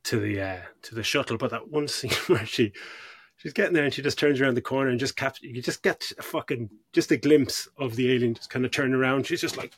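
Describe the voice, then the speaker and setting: Husky-voiced man chatting about films. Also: medium pitch, fairly quick, no room sound. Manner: animated, swearing, acts out scenes. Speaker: podcast co-host. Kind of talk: casual film discussion.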